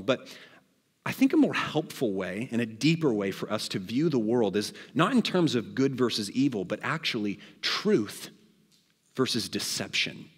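Animated, husky-voiced male preacher. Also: on the low side. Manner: animated, dramatizes scripture with voices. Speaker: pastor. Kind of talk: sermon. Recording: reverberant church hall.

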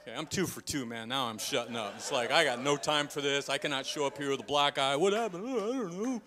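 A man preaching a sermon in a church, telling a story with lively energy and acting out the people in it. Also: mid-range voice, fast. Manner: animated storytelling, acting out shouts. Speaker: pastor.

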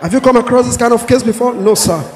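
Talking fast in a very high, piercing voice with a Pidgin English accent, a Nigerian comedian performs stand-up storytelling, animatedly voicing police characters while shouting and laughing. A large hall's long reverb surrounds him, with some chatter in the background.

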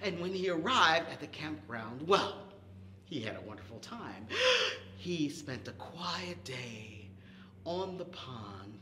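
A man runs a toddler storytime, telling the tale slowly and playfully. His pitch swoops widely as he hoots, chugs and whispers animal sounds. The room is echoey. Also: background noise. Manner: animated, playful, makes animal and vehicle noises. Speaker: children's librarian.

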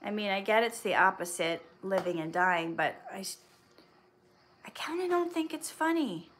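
An actress hosting a casual live stream, reading viewer questions aloud and answering in a chatty, candid way. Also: female voice, medium pitch, expressive, moderate pace, a bit bright.

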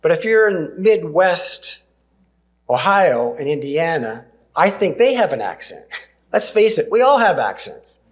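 A Canadian man in his sixties, a preacher giving a sermon full of personal stories, with gentle laughs and emphatic pauses. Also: on the high side, big pitch swings.

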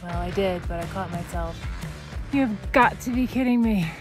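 A woman's voice: mid-range voice, normal speed. A woman vlogging as she pushes her bike up a steep mountain trail, talking to the camera in a breathless, exasperated way and swearing now and then. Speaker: adventure vlogger. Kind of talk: casual talk to camera. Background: music.

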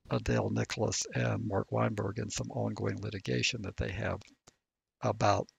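Gravelly, husky Southern man explaining law. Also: lowish voice, no room sound. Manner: measured, lawyerly explaining. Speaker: legal expert co-host. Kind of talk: casual legal discussion podcast.

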